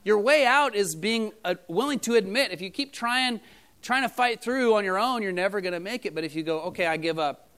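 High, smooth-voiced male preacher. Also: lively intonation, brisk, fairly bright tone. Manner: conversational, storytelling with many fillers. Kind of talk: casual sermon. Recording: church audio recording.

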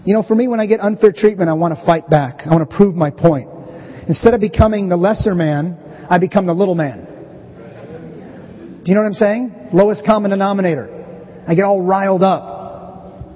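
A middle-aged pastor delivers a sermon in a chatty, storytelling way. His voice sits very high for a man and has a husky edge. The recording is dull and muffled, and it rings with the long reverb of a large hall. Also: brisk, long pauses. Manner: conversational, animated storytelling preacher. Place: church sanctuary.

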